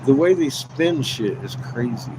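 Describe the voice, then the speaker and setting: A man's voice: medium pitch, animated, measured pace, noisy background. A man livestreaming a rambling, profane rant, swearing constantly, repeating himself and laughing between points.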